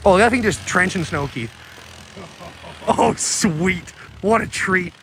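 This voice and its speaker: A man's voice: sits high, expressive, takes it slowly, fairly bright tone, slight background noise. A man, vlogging about his car work in a rowdy, swearing, joking way, tired after a long week. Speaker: vlogger and mechanic. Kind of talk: casual vlog chat.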